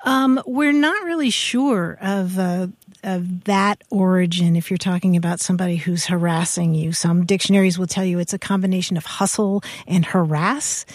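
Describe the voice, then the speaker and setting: A woman co-hosting a language radio show, talking in a lively way, laughing often as she explains word origins. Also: on the low side, normal speed, dry recording, studio quality. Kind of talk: conversational radio talk.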